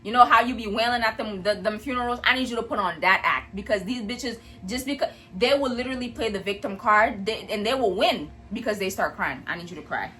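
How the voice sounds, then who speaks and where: Bright-voiced woman on a blunt rant. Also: on the high side, fairly quick, hardly any pauses. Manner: blunt, profane and animated. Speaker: vlogger. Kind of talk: casual commentary rant. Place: indoor room at home.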